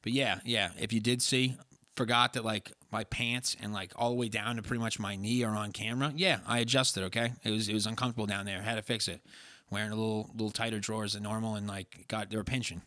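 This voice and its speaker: Young male co-host, low dry voice, blunt and exasperated. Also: steady tone, fast, bright, forceful tone, dry recording. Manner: blunt, exasperated, swears freely. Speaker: podcast co-host. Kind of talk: casual chat.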